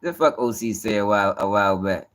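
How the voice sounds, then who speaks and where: A man's voice: on the low side, animated, fast talker, a bit bright. A man hosting, reacting to a clip in blunt, profane, mocking casual talk. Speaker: host.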